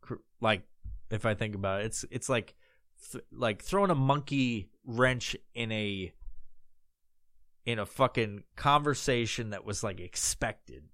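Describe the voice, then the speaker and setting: A man's voice: on the low side, measured pace, a bit bright, no echo, clean studio sound. A man hosting a podcast, talking in a loose, rambling way with lots of swearing and restarts. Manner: loose and profane, full of fillers and restarts. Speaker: podcast host. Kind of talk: casual rambling monologue.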